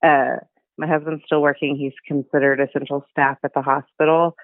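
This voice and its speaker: A woman's voice: low-pitched, flat delivery, moderate pace, no room sound. A heavily pregnant woman calling into a podcast, chatting and telling her story. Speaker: caller. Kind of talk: casual chat. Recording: tinny phone line.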